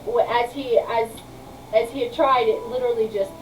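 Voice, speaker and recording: A woman running a tabletop game as game master, narrating in a halting, rambling way with many restarts. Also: on the high side, distant mic, slight background noise, rough recording.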